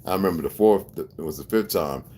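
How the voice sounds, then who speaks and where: Deep-voiced man in a profane, emphatic rant. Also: fast, mellow, a little hiss or hum. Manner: often asks listeners if they follow. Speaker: video blogger. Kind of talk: rambling personal monologue.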